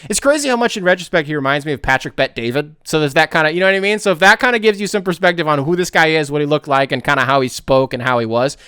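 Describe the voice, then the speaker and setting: American guy rambling thru his podcast, kinda high voice, super clean sound. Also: rapid-fire, few pauses, fairly bright tone, smooth, no room sound, studio quality. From United States. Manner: rambling, self-correcting, conversational. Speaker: podcast host. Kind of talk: casual solo podcast chat.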